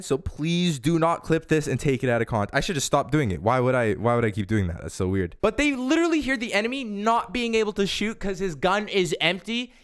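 A man's voice: a little high, clear, resonant tone. Exasperated, cursing young man ranting. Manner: exasperated, profane, acts out teammates in quick asides. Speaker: gaming YouTuber. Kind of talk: ranting gameplay commentary.

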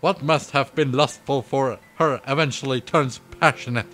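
A man's voice: mid-range voice, moderate pace. Giggly male streamer reading a game aloud. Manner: giggly, excitable asides. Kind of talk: reading a visual novel aloud with commentary. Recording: faint game music behind.

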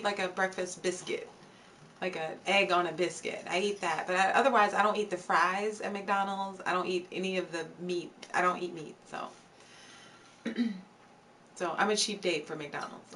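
A woman's voice: lowish voice, bright, forceful tone. Chatty woman live streamer, slightly distant mic. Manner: chatty, greets viewers from chat as she talks. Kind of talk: casual live stream chat. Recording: slightly distant mic, faint background noise.

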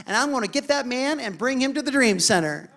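A man's voice: very high voice, animated, fairly quick, a bit bright, full character voice. A male preacher quoting a determined young woman missionary, in a confident, insistent tone.

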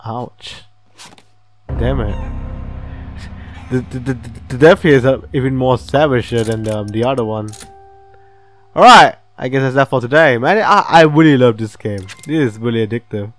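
A man's voice: mid-range voice, normal speed, pauses often, soft background music. Chatty, swearing man playing a game. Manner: chatty, swearing, reads game text aloud, laughs often. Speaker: gaming channel host. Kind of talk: casual let's-play commentary.

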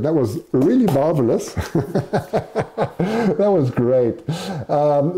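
A man's voice: mid-range voice, mellow. A man hosting a live stream, chatting casually as he announces poll results. He pokes fun at himself and laughs often. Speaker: live show host.

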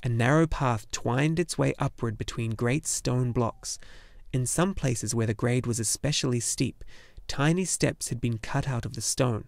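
A man reading a fantasy novel aloud in steady storytelling narration. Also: mid-range voice, a little slow, vocal fry, no room sound. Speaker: audiobook narrator. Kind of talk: scripted narration.

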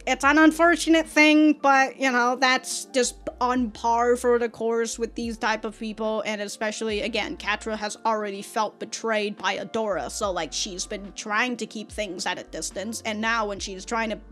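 A woman's voice: a little high, steady tone, moderate pace, hardly any pauses, fairly bright tone, soft background music. A woman hosting a reaction video, talking casually and animatedly about a cartoon episode, laughing often and swearing freely. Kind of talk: casual commentary.

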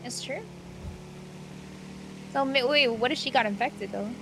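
A woman's voice: on the high side, measured pace, creaky, background noise. A woman role-playing in a game, chatty and playful. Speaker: gamer role-playing a character. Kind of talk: casual role-play chat.

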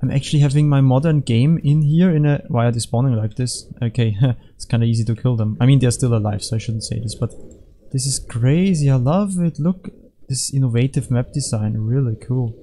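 A man talks over his gameplay in a casual, rambling way, jumping between jokes and half-finished thoughts. His voice is mellow and dark, at an ordinary middle pitch. He mocks himself easily and keeps up a loose, unscripted patter. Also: brisk, a little hiss or hum. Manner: rambling, self-mocking, easily distracted jokes. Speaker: gaming commentator.

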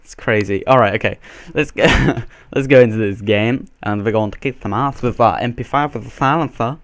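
A man's voice: mid-range voice, moderate pace, no echo. A man giving playful, jokey live commentary over a shooter game as he plays, laughing often. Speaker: gaming commentator.

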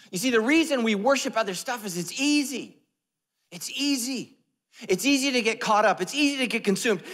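A man preaching a sermon as pastor, animated and joking, dropping to a hush and jumping up loud. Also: high-pitched, long reverb tail. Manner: animated, joking, swings between loud and hushed. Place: church sanctuary.

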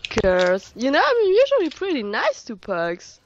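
A woman's voice: sits high, huge pitch swings, measured pace, a little hiss or hum. A woman chatting casually with friends while gaming, hesitant and giggly, often repeating her words. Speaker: gamer on voice chat. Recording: muffled lo-fi voice chat.

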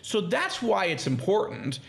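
Guy w a high gravelly voice, really animated, teaching bible stuff on a podcast and doing little voices for quotes. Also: unhurried. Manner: animated, acts out quoted speech in lively tones. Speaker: podcast guest.

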